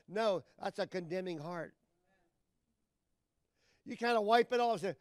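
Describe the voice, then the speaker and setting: A man preaching a sermon as pastor, talking folksy and plain with loud emphatic bursts. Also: high-pitched, normal speed, long pauses, dry recording.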